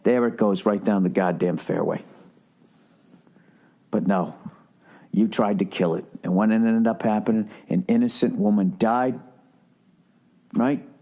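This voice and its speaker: A man's voice: fairly low pitch, measured pace, long pauses, warm tone. A middle-aged man hosting his own podcast, riffing sarcastically in a profane, rambling comedic monologue. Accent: Boston. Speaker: podcast host.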